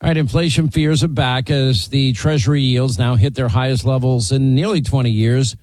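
A man's voice: moderate pace, darkish tone, no room sound. A man hosting a talk radio show, reading an emphatic sponsor ad. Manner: emphatic, pitching. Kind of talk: host-read radio ad.

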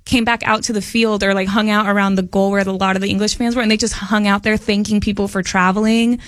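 A woman's voice: mid-range voice, level tone, fast, a bit bright, dry recording, clean studio sound. A woman co-hosting a morning radio show, telling a family story in a chatty way with lots of fillers. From family from Mexico. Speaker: radio co-host. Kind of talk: casual morning radio chat.

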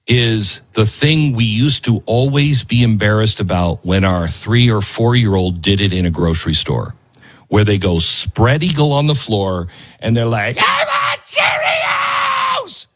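A man's voice: on the low side, animated, unhurried. A man hosting an opinionated commentary show, speaking emphatically and repeating his key phrases like a lecture. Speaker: host.

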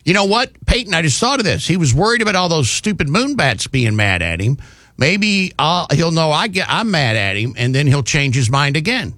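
A man's voice: on the high side, very animated, moderate pace, a bit bright, dry recording. A man hosting a talk radio show, rambling in a folksy way with frequent fillers and restarts.

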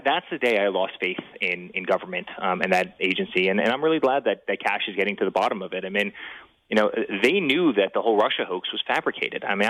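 A middle-aged man telling a story as an interview guest, talking quickly with many restarts and growing indignation. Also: on the low side, a bit bright, dull audio. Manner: rapid, repetitive restarts, rising indignation. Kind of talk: fast animated storytelling.

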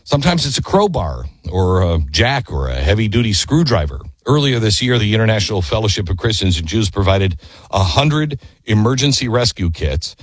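A middle-aged man hosting a talk radio show, telling a story in an animated way, with sudden high exclamations, and reading ads. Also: moderate pace, slightly rough, dry recording.

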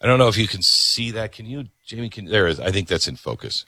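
A man's voice: on the low side, sing-song, quick pace, pushed and bright, no echo, studio quality. A man hosting a talk show, ranting and sarcastic, then reading an ad in his own voice. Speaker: radio talk host. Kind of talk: opinionated talk show monologue.

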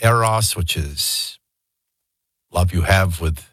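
A man with a lowish, slightly husky voice hosts a talk radio show and talks things through in a loose, digressive way. His folksy asides come across close on a studio microphone with a dry, dead sound. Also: slow pace, fairly bright tone, no room sound. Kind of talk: casual talk radio commentary.

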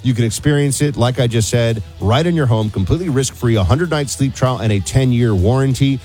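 Lively man co-hosting talk radio. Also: medium pitch, a little fast, soft background music. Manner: animated, jokey, emphatic asides, mock accents. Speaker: radio talk show co-host. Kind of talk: casual talk radio banter and host-read ad.

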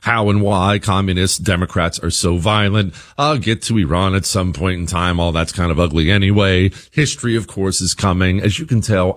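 A man's voice: low voice, fairly even intonation, moderate pace, hardly any pauses. Emphatic male radio host. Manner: emphatic, repeats phrases for stress. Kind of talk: opinion radio monologue.

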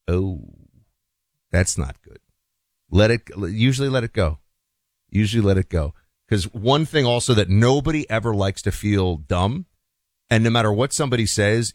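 A male talk radio host rambles through his opinions with plenty of restarts and asides. His voice sits at an ordinary pitch and sounds dry and close to the studio mic. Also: dry recording. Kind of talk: conversational radio monologue.

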